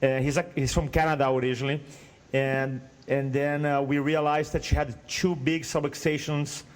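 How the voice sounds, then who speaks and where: A man in his thirties from Brazil with a Brazilian Portuguese accent, a guest telling his story in an earnest, animated way. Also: on the high side, normal speed. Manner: earnest, animated retelling with acted quotes. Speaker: guest speaker coach. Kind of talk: storytelling interview.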